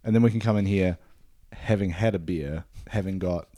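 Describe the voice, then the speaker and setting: A man's voice: sits low, moderate pace, mellow, no room sound. A man co-hosting a casual podcast, trading dry, sarcastic quips. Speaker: podcast co-host. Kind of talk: casual banter.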